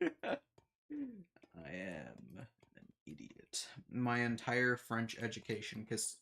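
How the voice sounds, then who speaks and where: A man streaming a game, chatting in a rambling, self-deprecating way and laughing often. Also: lowish voice. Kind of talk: casual chat while gaming.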